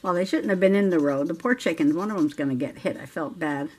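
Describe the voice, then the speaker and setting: Talking fast in a lowish, breathy voice, a middle-aged woman hosts a journaling video. She colors and chats through a story, laughing often.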